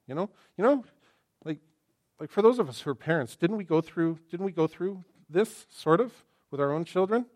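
Lively preaching man, dry sound. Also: high-pitched, normal speed, no room sound. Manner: animated, acts out quoted voices, swings between loud and hushed. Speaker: pastor. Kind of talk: sermon.

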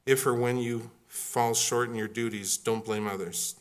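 A man's voice: medium pitch, fairly even intonation, measured pace. A man preaching a sermon in a conversational, humorous and emphatic way. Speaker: pastor.

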